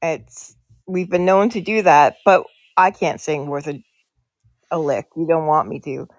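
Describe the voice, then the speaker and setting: A woman's voice: low voice, measured pace, no room sound. Older woman from Canada, casual podcast chatter, laughs at herself, close dry mic. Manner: laughs at herself while telling stories.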